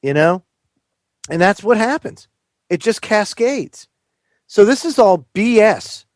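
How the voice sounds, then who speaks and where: A man's voice: high-pitched, lively intonation, takes it slowly, no echo, clean studio sound. A man appearing as a guest on political talk radio, speaking emphatically and with indignation.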